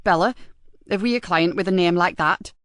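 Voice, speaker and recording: A woman's voice: fairly low pitch, normal speed, fairly bright tone, smooth, no echo, studio quality, close to an everyday voice. A woman voicing an absent-minded middle-aged male web designer, mild and matter-of-fact. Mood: calm.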